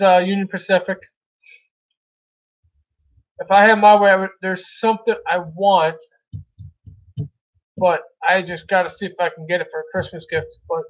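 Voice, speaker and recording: A man from Milwaukee, Wisconsin, hosting a casual livestream chat, rambling loosely and calling viewers brother. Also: high-pitched. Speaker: livestream host chatting with viewers. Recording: tinny phone-like audio.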